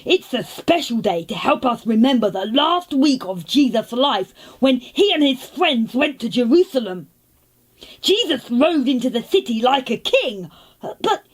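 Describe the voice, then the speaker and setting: Lady doing a cheery little boy telling a sunday school story, high and bouncy, slow and careful. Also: slightly rough, full character voice. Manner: eager, childlike storytelling. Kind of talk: children's church lesson.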